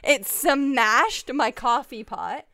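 A young woman co-hosting a podcast, telling a story in lively casual chat, swearing and acting out her own outbursts. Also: high-pitched, very slow, no room sound, clean studio sound. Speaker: podcast co-host.

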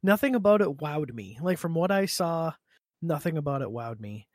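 A man's voice: fairly high pitch, very animated, moderate pace, darkish tone, no echo, clean studio sound. A man co-hosting a podcast, chatting casually, giggling often and trailing off mid-thought. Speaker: podcast co-host. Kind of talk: casual chat.

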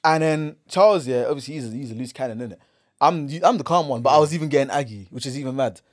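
A young man with a London accent telling a story on a casual podcast, acting out what people said with slangy, lively delivery. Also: mid-range voice, fast, no room sound, studio quality. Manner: animated, acts out quotes, slangy. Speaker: podcast host.

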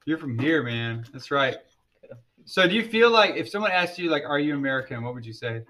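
Teacher guy running a class podcast, kinda high voice, relaxed and chatty. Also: fairly quick. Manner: easygoing, chatty, coaxing questions. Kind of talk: casual classroom chat.

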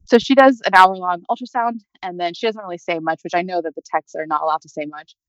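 A young woman, appearing as an interview guest, tells a personal story quickly, her speech full of chatty fillers like "like" and "you know." Her voice is on the low side. The audio is dull, dry, and lo-fi with no room echo.

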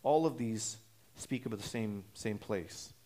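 A male pastor delivering an expository sermon, teaching in a measured, explanatory way with frequent "uh" pauses and restarts. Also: on the low side, mellow.

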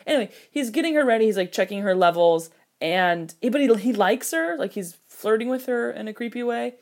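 Animated woman in casual film commentary. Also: fairly high pitch. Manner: animated, jokey, mock-outraged retellings; quoting characters in quick put-on voices. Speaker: film reviewer.

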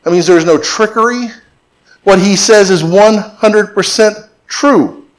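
A man's voice: high voice, measured pace. A middle-aged man preaching a sermon as pastor, mixing emphatic repetition with joking stories.

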